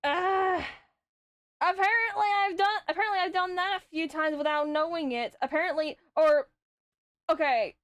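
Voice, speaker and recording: High-voiced, foul-mouthed young woman streamer. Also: steady tone, moderate pace, fairly bright tone, dry recording. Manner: swears often, rambling storytelling. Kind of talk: casual chat.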